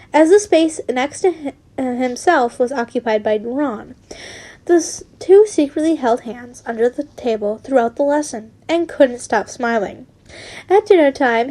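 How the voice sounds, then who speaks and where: A woman's voice: high-pitched, dark tone. A woman reading fan fiction aloud in a casual style, breaking into giggly, rambling asides.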